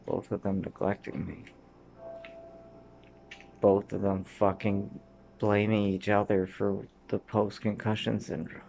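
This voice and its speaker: A Canadian man in his thirties speaks in a slow, unhurried ramble that drifts from memory to memory. His voice sits low and carries a rough, creaky edge. He swears freely and now and then sinks into a near-whispered mutter. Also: level tone, darkish tone, slight background noise. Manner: sometimes drops to a mutter or whisper. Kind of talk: rambling personal monologue.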